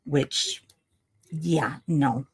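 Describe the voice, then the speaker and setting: Very slow and husky, the low voice belongs to an older woman livestreaming from home as she crafts. She's tired and yawning, chatting wryly and rambling to herself.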